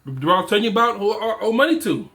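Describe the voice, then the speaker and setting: A fatherhood and men's coach in his forties talks to other men in a casual, emphatic motivational style, repeating his points and using slang. His voice sits high and sounds pushed and bright, fast and animated.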